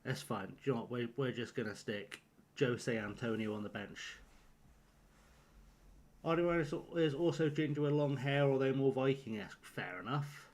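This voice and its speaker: A man live-streams a football management game, rambling and flustered as he talks himself through choosing his team. His voice is medium-pitched, expressive and a little mellow, at a normal speed.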